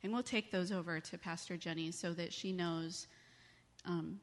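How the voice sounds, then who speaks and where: A woman with a fairly low voice leads a children's sermon, gently coaxing the kids with questions. Her voice rings out with the long reverb of a church sanctuary. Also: steady tone, moderate pace. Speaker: children's message leader at church.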